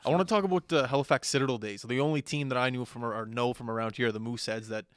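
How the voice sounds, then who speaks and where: Fast male podcast host, hesitant questions. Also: medium pitch, smooth, no echo. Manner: hesitant, filler-heavy questions. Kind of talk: casual podcast interview.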